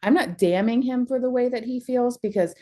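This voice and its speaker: A woman's voice: fairly high pitch, a little fast, mellow. A young adult woman talking candidly as a counseling client, emotional and blunt, often breaking into laughter.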